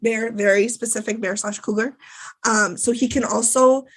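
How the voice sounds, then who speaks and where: A woman's voice: fairly high pitch, fairly even intonation, normal speed, husky. A woman co-hosting a podcast, recapping a TV episode in casual, chatty talk with plenty of fillers and swearing. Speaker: podcast co-host.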